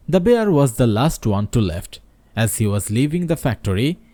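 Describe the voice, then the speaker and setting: A man with a Bangladeshi accent narrates a storybook with dramatic, varied delivery. His pitch swings widely, and the tone is mellow. The recording is dry and close. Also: no echo. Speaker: audiobook narrator.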